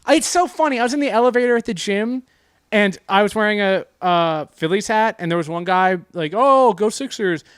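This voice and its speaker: A man co-hosting a casual comedy podcast, ranting and swearing, swinging from low mumbles to loud outbursts. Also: a little fast, clear, resonant tone, no echo, studio quality. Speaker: podcast co-host.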